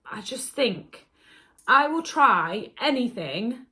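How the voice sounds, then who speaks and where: A young woman talks straight to her camera in a casual story-time vlog. Her voice is bright and clear, and her delivery is chatty, candid and openly emotional. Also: on the high side, expressive, slow pace. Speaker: beauty vlogger.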